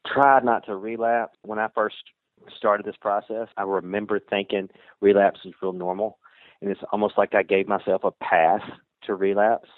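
A man's voice: lowish voice, level tone, moderate pace, no echo. A man appearing as a guest on a podcast, talking earnestly in a casual interview and repeating his points. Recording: tinny phone line.

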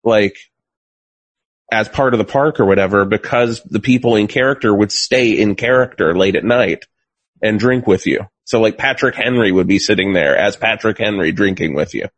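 A man on a show's crew, chatting casually with a laid-back manner and quick chuckles while he tells anecdotes. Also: fairly low pitch, no echo. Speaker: show crew member. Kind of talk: casual chat.

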